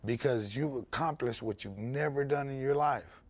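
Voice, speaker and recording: A man speaking as a podcast guest, telling his story in loud, animated, candid conversation and swearing freely. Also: mid-range voice, moderate pace, no room sound, dull audio.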